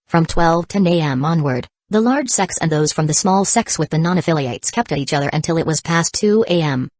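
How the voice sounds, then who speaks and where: A woman narrating an audiobook in a steady, even storytelling manner. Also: deep voice, fairly quick, hardly any pauses, no echo. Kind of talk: scripted narration.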